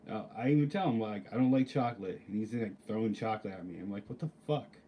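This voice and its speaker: A man's voice: lowish voice, quick pace, mellow, a little hiss or hum. A man ranting casually to camera, rambling and swearing, with lots of filler words. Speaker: vlogger. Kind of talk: casual storytelling rant.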